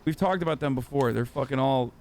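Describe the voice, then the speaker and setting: A man's voice: mid-range voice, quick pace, darkish tone. A man hosting a livestream, ranting in heated, profane, sarcastic reaction commentary. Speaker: livestream host.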